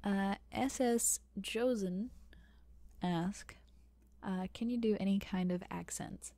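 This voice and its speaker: A young woman from the American South with a softened Southern accent, hosting a soft-spoken ASMR question-and-answer, often dropping into a whisper and pausing with fillers. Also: medium pitch, creaky. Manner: soft, partly whispered, hesitant with many fillers. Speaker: ASMR channel host. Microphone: close microphone.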